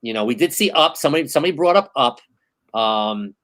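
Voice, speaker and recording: A man in his thirties hosting a casual podcast chat, telling stories in an animated, excitable way. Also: mid-range voice, quick pace, rough recording. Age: 30s. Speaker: host.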